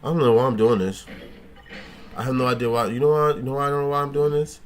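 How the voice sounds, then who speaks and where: A man's voice: mid-range voice, steady tone, quick pace. A man hosting a casual gaming livestream, joking and cursing as he thinks aloud and talks back to his chat. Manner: thinks aloud, trailing restarts.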